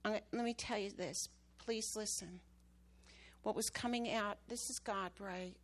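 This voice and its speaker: A woman's voice: medium pitch, fairly even intonation, unhurried. A woman preaching to her church, telling a story with emphatic, rising bursts at the key moments. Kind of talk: sermon testimony.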